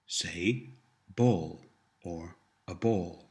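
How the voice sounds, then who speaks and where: A deep-voiced man leads a scripted language lesson, setting out words for the listener to repeat. He moves at an unhurried, deliberate pace and explains each sound change patiently. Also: animated. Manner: patient, repetitive prompts with careful explanations. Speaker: language teacher.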